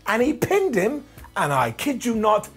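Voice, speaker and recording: A man's voice: wildly swooping pitch, measured pace, soft background music. A man who has lost his voice, reviewing a wrestling show in a jokey, theatrical way. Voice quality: husky. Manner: theatrical, jokey, big swings in pitch. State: hoarse, lost voice. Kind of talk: animated review monologue.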